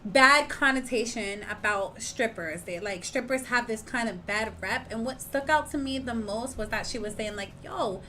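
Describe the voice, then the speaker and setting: A woman's voice: a little high, moderate pace, few pauses, slight background noise. A young woman co-hosting a podcast, telling a story in casual chat and acting out what people said. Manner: animated storytelling, acts out quotes loudly. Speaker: podcast co-host.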